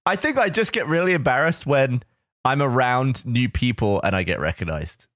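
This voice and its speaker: A man's voice: mid-range voice, expressive, moderate pace, fairly bright tone, no room sound. A man co-hosting a podcast in casual chat, self-deprecating, laughing often and filling his speech with "like". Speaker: podcast co-host.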